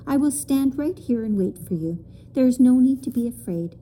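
A woman voicing a gentle male servant creature in a storybook, talking in a careful, deliberate way. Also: high voice, animated, pitched above the performer's own voice. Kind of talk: storybook reading.

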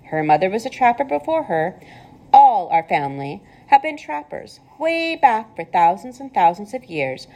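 A woman voicing a pleasant, clever female spider with a thin voice, calm and matter-of-fact in a storybook read-aloud. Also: mid-range voice, moderate pace, highs cut off, voice pushed up. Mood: calmly explaining.

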